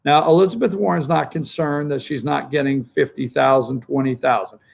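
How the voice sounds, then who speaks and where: A man's voice: mid-range voice, fairly even intonation, normal speed, creaky. A man hosting a political talk show, rambling through commentary and calling up pictures for his producer. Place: studio.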